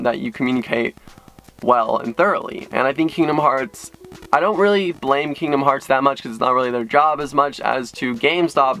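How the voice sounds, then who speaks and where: A man telling a frustrating story in a ranting vlog, excitable, his voice jumping up in pitch when he gets worked up. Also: poor audio. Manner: excitable, frustrated retelling with sudden jumps in pitch. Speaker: YouTube creator.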